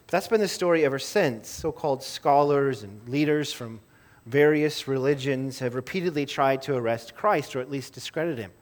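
A man preaching a sermon to his church in a conversational way, often repeating words as he restarts a thought. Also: mid-range voice. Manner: conversational, self-interrupting with small laughs and repeated words. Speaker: pastor.

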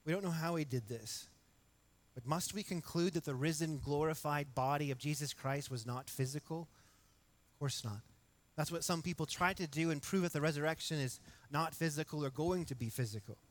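Middle-aged guy preaching, earnest and chatty, slightly higher voice. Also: moderate pace. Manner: earnest, conversational preaching with asides and restarts. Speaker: pastor. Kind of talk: sermon.

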